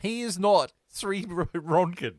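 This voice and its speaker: A man hosting a casual, swearing sports chat podcast, brash and quick to laugh. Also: sits high.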